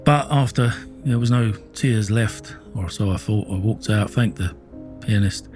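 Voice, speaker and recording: A man's voice: fairly low pitch, unhurried, music in the background. Blunt, sweary Essex man telling a story. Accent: Essex English. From England. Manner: blunt, sweary, with many restarts and "you know what I mean". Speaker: storyteller recounting his life. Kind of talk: casual spoken storytelling.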